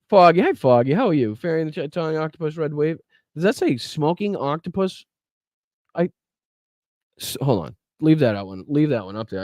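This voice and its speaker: Bluntly swearing as he reacts to clips and says hello to chat, this man hosts a political podcast livestream. His voice is fairly high, recorded in clean studio sound with no echo.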